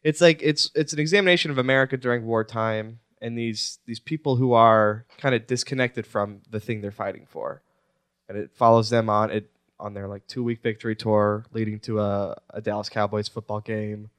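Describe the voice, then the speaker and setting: A man hosting a podcast in casual comedic chat, joking and teasing with quick asides. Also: on the low side, clear, resonant tone, no room sound. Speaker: podcast host.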